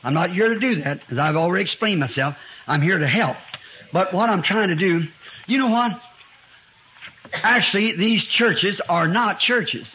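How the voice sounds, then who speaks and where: A man in his fifties preaching a sermon to a congregation, climbing to loud emphatic lines and dropping to quiet asides. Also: high voice, animated, moderate pace, slight background noise. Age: 50s. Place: church before a congregation. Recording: muffled lo-fi 1960s sermon tape.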